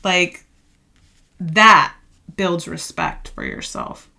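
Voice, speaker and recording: A woman's voice: on the low side, huge pitch swings, drawn-out words, vocal fry, sharp tone. A woman giving a casual tarot reading to viewers, chatty and emphatic, repeating her phrases and laughing often. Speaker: tarot card reader.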